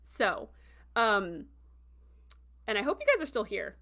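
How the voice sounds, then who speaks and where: A woman with a fairly high voice recaps an episode on a casual livestream. She talks in a loose, chatty way, stringing thoughts together with "like" and "um." When she quotes characters, she acts out their lines with lively, animated voices. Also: unhurried, long pauses. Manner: chatty, heavy with "like" and "um" fillers. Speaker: show reviewer hosting a livestream.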